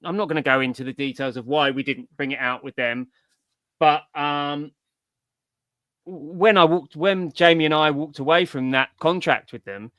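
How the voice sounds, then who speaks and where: A middle-aged man speaking as a guest in a relaxed interview, his voice pitched a little high with a bright, forceful edge. He talks in long, digressive stretches. The sound is dry and close. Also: normal speed, dry recording. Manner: rambling, digressive storytelling. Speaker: comics writer, interview guest. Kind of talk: casual interview chat.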